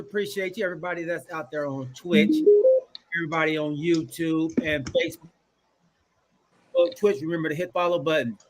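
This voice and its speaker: A man hosting a casual podcast, greeting viewers with energetic shout-outs. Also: high voice. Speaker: host.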